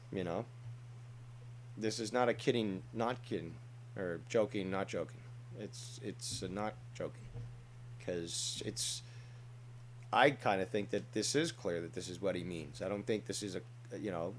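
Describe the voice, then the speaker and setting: A man's voice: fairly low pitch, expressive, normal speed, slight background noise. A man hosting a reaction commentary show, talking in a blunt, profane, mocking way. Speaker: commentary host.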